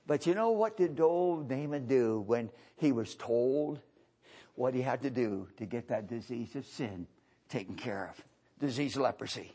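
A man preaching a revival sermon who swings between fervent shouted highs and low, hushed passages. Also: lively intonation, measured pace, breathy edge.

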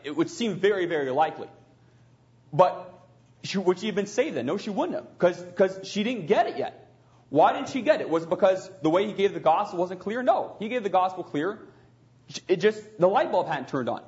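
A man's voice: sits high, dull audio. A man preaching a sermon, reading aloud from a book and breaking off into loose spoken asides. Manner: reads passages aloud, then adds loose asides with restarts.

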